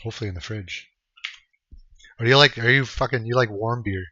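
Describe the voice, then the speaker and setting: Laid-back bright-voiced streamer guy. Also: mid-range voice, a little fast, a little hiss or hum. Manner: laid-back, swears freely, chuckles while answering chat. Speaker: game streamer. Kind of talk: casual live-stream chat. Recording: dull lo-fi stream audio.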